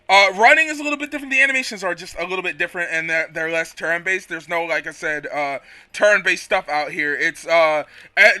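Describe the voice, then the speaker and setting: Bright, high-voiced man rambling over gameplay. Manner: rambling, loose phrasing with lots of "kinda" and restarts. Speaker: gaming channel host. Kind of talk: casual gameplay commentary.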